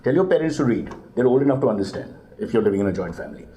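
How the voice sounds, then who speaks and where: Middle-aged man, rapid talk, mellow dark tone, deadpan comic asides. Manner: deadpan comic asides, jumps to high mock voices. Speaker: guest comedian. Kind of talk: comic chat answering parenting questions.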